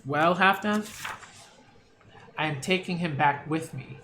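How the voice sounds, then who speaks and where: A man voicing a cold, arrogant older slave owner, slow and haughty, in a comic book read-aloud. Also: fairly high pitch, pushed and bright, slight background noise.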